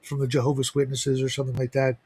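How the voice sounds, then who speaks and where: A man's voice: mid-range voice, completely flat delivery, quick pace, dark tone, husky. A man hosting a livestream, chatting casually and rambling with lots of restarts and asides. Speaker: livestream host. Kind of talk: casual chat.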